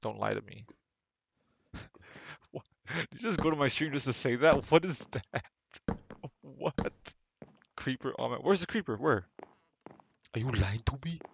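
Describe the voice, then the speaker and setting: With game music under him, a young man gives casual live commentary from a home desk mic, rambling to himself and his chat and often restarting what he says. His medium-pitched voice is expressive, unhurried, gravelly and husky, with plenty of pauses and no echo.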